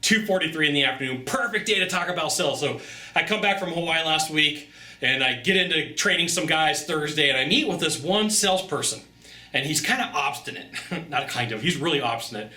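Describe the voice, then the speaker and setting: A sales coach giving casual, energetic tips straight to camera, chatty and repeating phrases for emphasis. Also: male voice, a little high. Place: Sacramento, California. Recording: roomy echo.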